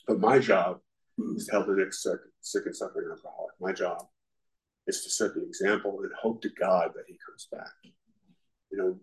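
A man's voice: low-pitched, rough recording. Candid man telling his recovery story. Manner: candid, self-deprecating, peppered with "you know". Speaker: speaker sharing at a recovery meeting. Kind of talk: candid personal testimony.

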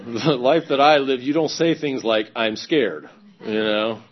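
A man candidly telling his own recovery story in a conversational testimony, pausing often. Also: medium pitch, dull audio. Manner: candid, conversational, many fillers and pauses. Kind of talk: personal testimony talk.

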